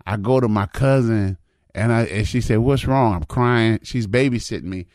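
A man's voice: on the low side, moderate pace, darkish tone, no room sound, clean studio sound. A man in his fifties telling folksy personal stories in a casual, repetitive way, often adding "man" and "you know what I mean". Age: 50s. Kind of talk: casual storytelling monologue.

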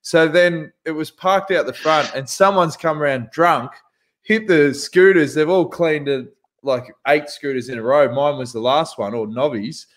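Animated man telling a story. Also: fairly high pitch, moderate pace. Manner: animated, acts out voices in his stories. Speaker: podcast co-host. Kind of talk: casual storytelling chat.

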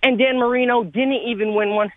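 A man calling a sports radio show from California, out of breath and arguing his points in an animated way. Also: very high voice, no echo. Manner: animated, argumentative, rapid points. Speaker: caller. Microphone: phone. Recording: tinny phone line.

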